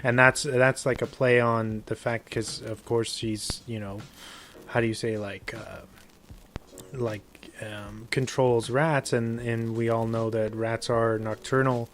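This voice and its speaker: A man co-hosting a podcast who talks about a film in casual chat, often pausing to search for words with fillers like "how do you say.". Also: medium pitch, level tone, a bit bright, a little hiss or hum. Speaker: podcast co-host.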